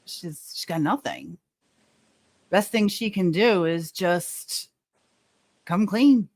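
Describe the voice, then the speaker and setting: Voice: mid-range voice, slow pace, dry recording. A panel guest speaking in a sympathetic, supportive way on a live stream.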